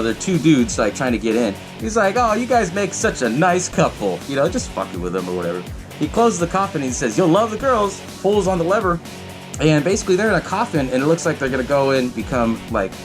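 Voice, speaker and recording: A man hosting a podcast, casually recapping a film in a profane, animated way and acting out the characters' lines. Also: mid-range voice, quick pace, music in the background. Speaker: podcast host.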